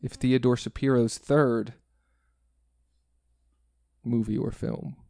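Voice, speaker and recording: A man's voice: mid-range voice, steady tone, slow, gravelly, mellow, dry recording, clean studio sound. A man hosting a casual film podcast, rambling a little and correcting himself as he goes. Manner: rambling, self-correcting, chuckling. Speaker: podcast host.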